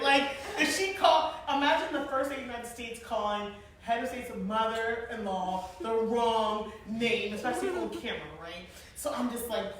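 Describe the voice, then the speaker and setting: A woman's voice: fairly high pitch, a little fast. Chatty woman in an echoey hall. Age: 40s. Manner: animated, laughing, chatty with many fillers. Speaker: guest speaker, former event planner. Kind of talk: casual storytelling talk to an audience. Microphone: far from the mic. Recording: echoey hall, distant mic, faint noise.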